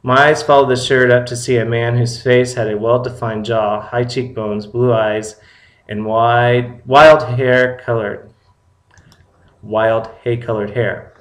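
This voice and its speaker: A man reading a first-person story aloud in a plain, steady way. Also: medium pitch, slow. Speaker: story reader. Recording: roomy echo.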